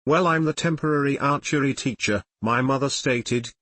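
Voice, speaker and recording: A man's voice: mid-range voice, moderate pace, a bit bright, no room sound. A man reading a fan fiction story aloud, voicing several characters' lines with little change of voice. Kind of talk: audiobook-style story reading.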